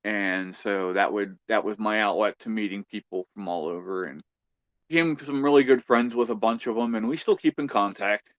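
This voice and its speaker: A man's voice: on the low side, normal speed, dry recording, muffled recording. A man hosting a casual livestream chat, easygoing and chatty, reading out viewer comments. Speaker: livestream host.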